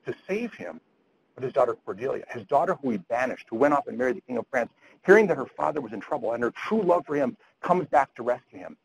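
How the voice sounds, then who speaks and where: A man's voice: mid-range voice, slightly rough, rough recording. A man lecturing physicians at grand rounds, retelling a story earnestly and often repeating words as he goes.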